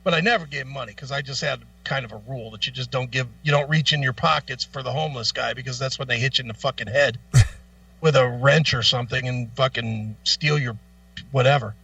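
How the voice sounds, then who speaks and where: A man co-hosting a talk show, telling a long profane anecdote in a casual, animated way. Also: mid-range voice, brisk, vocal fry, far from the mic, highs cut off. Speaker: co-host. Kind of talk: casual storytelling.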